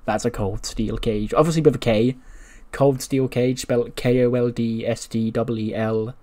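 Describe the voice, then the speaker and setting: A man's voice: mid-range voice, fairly even intonation, normal speed, dark tone. A young man hosting casual gaming commentary, rambling and chuckling as he recaps a wrestling booking sim. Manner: rambling, chuckling, self-correcting. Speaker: gaming video host.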